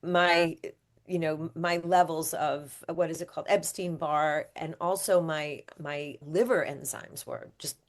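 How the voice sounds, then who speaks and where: A woman's voice: sits low, unhurried. A woman being interviewed, telling a personal story candidly and animatedly. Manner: animated, acts out quoted speech. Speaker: guest, author.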